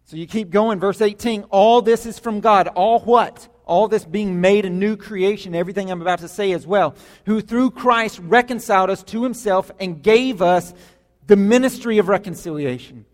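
A man's voice: high voice, normal speed. A man preaching a sermon as pastor, emphatic, repeating words for stress, in a church sanctuary. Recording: long hall reverb.

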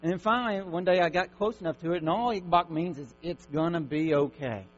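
A man preaching a sermon, swinging from loud, fervent declaring to hushed, gentle reassurance. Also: sits high, fast. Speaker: pastor. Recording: dull lo-fi recording with faint mains hum.

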